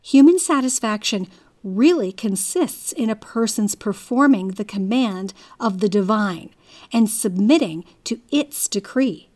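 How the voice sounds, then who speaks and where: A woman giving a scripted narration, reading in a measured, deliberate way. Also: medium pitch, expressive, darkish tone.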